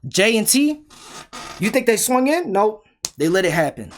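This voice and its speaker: A man's voice: high-pitched, big pitch swings, moderate pace, a little hiss or hum. Heated young man ranting through a storytime. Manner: heated, emphatic, repeats himself, asks rhetorical questions. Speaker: storyteller vlogger. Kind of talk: casual storytime rant.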